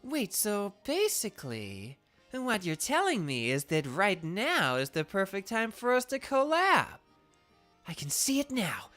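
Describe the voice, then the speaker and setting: A woman's voice: mid-range voice, wildly swooping pitch, measured pace, a bit bright, soft background music, pitched above the performer's own voice. A woman voicing a bubbly young female streamer and gym leader with showy patter, her nose congested and throat dry. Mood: peppy. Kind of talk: game character voice during playthrough.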